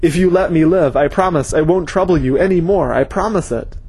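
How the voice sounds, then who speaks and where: A man's voice: on the high side, fairly quick, a little mellow, husky, pitched above the performer's own voice. A man voicing a caught old male plotter who pleads desperately for his life. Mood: pleading.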